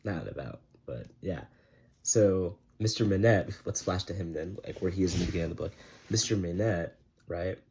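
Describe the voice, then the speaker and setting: A man's voice: low voice, expressive, fairly quick, warm tone, a little hiss or hum. A young man giving a casual, rambling book review, full of slang and filler words.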